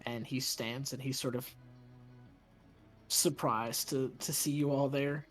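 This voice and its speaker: A man's voice: mid-range voice, fairly even intonation, takes it slowly, music in the background. Hesitant man running a tabletop game. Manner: hesitant, searching for words. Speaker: dungeon master.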